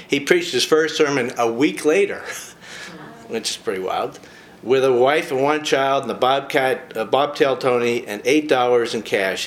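A man's voice: mid-range voice, fairly bright tone, a little hiss or hum. A man in a casual talk, reading a short biography aloud and breaking off for chatty personal asides. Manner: chatty, with frequent personal asides between read passages.

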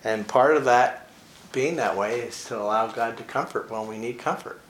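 Guy teaching bible verses, laid back, laughs a lot, echoey room. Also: medium pitch. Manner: relaxed, chuckles often, reads scripture slowly and emphatically. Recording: echoey room with faint ambient noise.

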